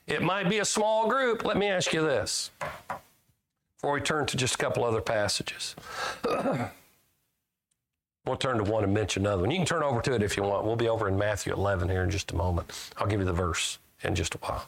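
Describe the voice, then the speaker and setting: A male preacher delivers a folksy sermon, reading scripture aloud with rising emphasis and putting questions to the congregation. His fairly low voice is gravelly and a bit bright, with lively intonation and a fairly quick pace.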